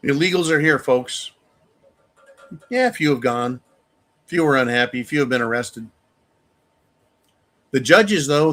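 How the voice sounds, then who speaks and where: Angry guy ranting on a livestream, swears nonstop, kinda high sharp voice. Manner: angry, profane, shouting bursts. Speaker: channel host. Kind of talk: live-stream commentary rant.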